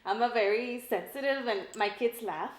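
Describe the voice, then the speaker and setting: A woman's voice: fairly high pitch, moderate pace. Chatty woman with an El Paso accent. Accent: El Paso Texas. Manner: emotional, laughs often, trailing sentences. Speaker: guest, realtor. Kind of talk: casual interview chat. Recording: echoey room.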